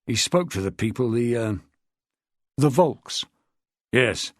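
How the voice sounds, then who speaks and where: Man doing a deferential police inspector, husky and plain, audiobook. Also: mid-range voice, animated, slow, no echo, studio quality, voice pushed down. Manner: polite, respectful, matter-of-fact. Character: deferential male police inspector, loyal junior officer. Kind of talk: audiobook character voice.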